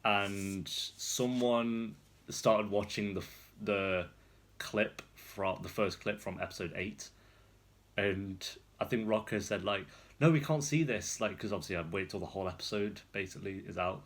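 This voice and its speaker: A young man sits indoors on a rolling chair, casually vlogging and rambling through a story, chatty and laughing often. Unhurried, with little pitch movement, his voice is on the low side and a bit bright.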